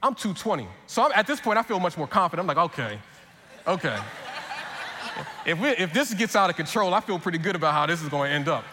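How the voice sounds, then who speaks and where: Man, pastor, sermon storytelling, animated, repeats words, high voice, long hall reverb. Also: very fast, hardly any pauses, background noise.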